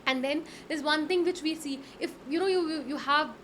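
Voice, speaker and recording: A middle-aged woman with an Indian English accent, explaining public speaking tips in an animated, instructive way and often repeating words. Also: sits high, brisk. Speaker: soft skills trainer. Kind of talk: conversational interview, Hinglish. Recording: faint background noise.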